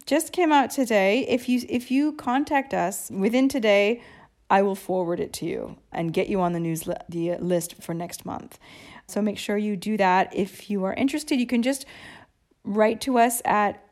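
A woman's voice: mid-range voice, normal speed. A woman from the United States co-hosting a podcast in easy, casual chat. She tells anecdotes with animation and laughs often along the way. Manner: animated storyteller, laughs easily. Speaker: podcast co-host. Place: lives in Rome.

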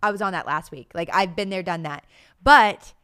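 A woman's voice: on the low side, normal speed, fairly bright tone, smooth. Young woman, podcast co-host, casual chat, chatty storyteller, acts out quotes.

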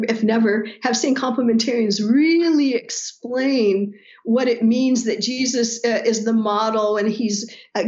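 A woman scholar answering interview questions in a lively, animated way, often laughing and quoting others. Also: fairly high pitch, muffled recording. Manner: animated, laughing, quotes voices while explaining. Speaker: New Testament scholar guest. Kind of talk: podcast interview.

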